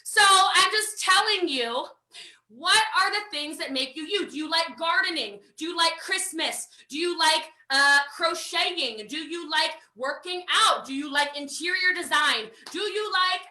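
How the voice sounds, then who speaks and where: High, punchy American woman coaching. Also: echoey room. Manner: energetic, emphatic, repeats phrases for drive. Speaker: network marketing trainer. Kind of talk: live online sales training.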